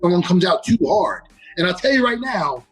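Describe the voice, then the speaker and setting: A man talking through a fight in casual chat, animated and quick to act out what fighters might have said, tripping over his words when wound up. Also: high voice, husky, faint music behind, rough recording. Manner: animated, acts out quotes, stutters when wound up. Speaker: MMA analyst.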